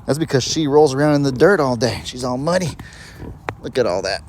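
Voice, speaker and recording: A man's voice: medium pitch, lively intonation, fairly quick, a little hiss or hum. Chatty man livestreaming from a farm. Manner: chatty, rambling, talks to animals in a sing-song pet voice. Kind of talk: casual live-stream chat. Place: outdoors on a farm among animals. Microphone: handheld phone camera.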